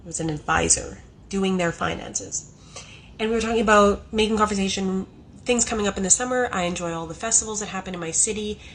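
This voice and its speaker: A woman's voice: medium pitch, quick pace, fairly bright tone, low-quality recording. A woman from Canada with a mid-range voice recounts an odd exchange in a chatty, incredulous tone. A faint hiss sits behind her voice. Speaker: former financial advisor. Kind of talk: casual storytime to camera.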